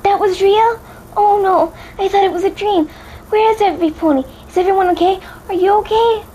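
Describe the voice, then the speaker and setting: Shy storybook pony mare, high and breathy-soft, fretful; a woman reads her. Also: fairly even intonation, moderate pace, slight background noise, close to an everyday voice, rough recording. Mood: frantic. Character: timid gentle young female pegasus pony.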